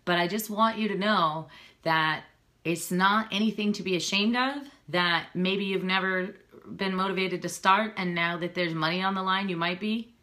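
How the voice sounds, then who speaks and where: Bright-voiced woman coach, earnest live-stream pitch. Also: moderate pace. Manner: earnest, persuasive, chatty, gets emotional. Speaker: fitness coach. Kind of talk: casual live-stream talk to viewers. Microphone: phone or webcam, live video.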